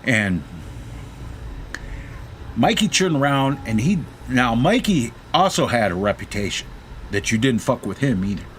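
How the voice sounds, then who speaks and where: A man's voice: medium pitch, unhurried, pauses often, a little hiss or hum. A middle-aged man, a gaming streamer, casually telling a profane story while he plays, acting out the people in it. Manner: profane, animated storytelling, shouts quoted lines.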